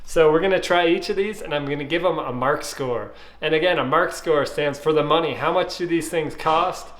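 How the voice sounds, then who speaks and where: A man, casually reviewing ice pops and thinking aloud with fillers and pauses. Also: a little high, fairly bright tone. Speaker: food reviewer.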